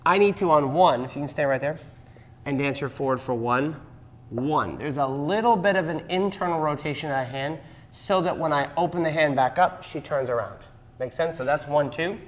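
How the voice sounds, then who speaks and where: A man's voice: on the high side, moderate pace. Man counting beats in a reverberant hall. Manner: explanatory, counts beats aloud. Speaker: dance instructor. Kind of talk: teaching a dance class. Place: dance studio.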